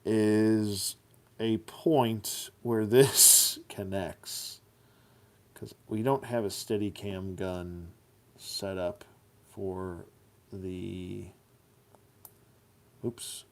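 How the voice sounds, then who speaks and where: Laid-back male toy collector, lowish voice, chatty and goofy. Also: steady tone, very slow, long pauses. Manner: chatty, goofy, hums silly rhymes. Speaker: toy collector reviewing action figures. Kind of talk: casual hands-on review.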